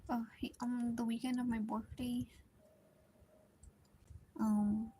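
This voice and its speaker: A woman's voice: fairly high pitch, level tone, takes it slowly, mellow, slight background noise. A young woman chatting casually while drawing, telling a rambling story with lots of fillers and some whispered stretches. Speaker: drawing streamer.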